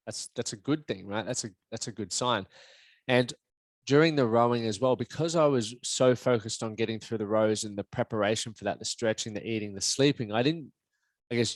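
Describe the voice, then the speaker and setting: A man's voice: mid-range voice, no room sound. A young man hosting a solo podcast, talking candidly and reflectively and swearing casually. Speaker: podcast host.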